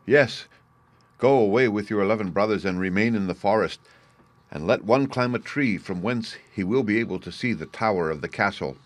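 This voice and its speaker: A man voicing a sorrowful, loving queen speaking gently to her children in a fairy tale reading. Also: lowish voice, normal speed, lightly acted.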